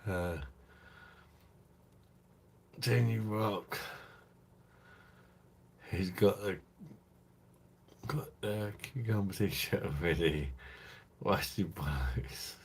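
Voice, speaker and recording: A man's voice: deep voice, drawn-out words, long pauses, husky. A tipsy man hosting a late-night live stream, talking in crude, rambling, affectionate chat to his viewers.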